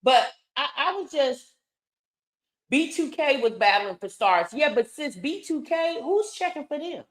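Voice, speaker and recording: Woman, gossip commentary host, chatty, opinionated, lively pitch, slightly high voice. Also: unhurried. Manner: chatty, opinionated, addresses viewers as y'all.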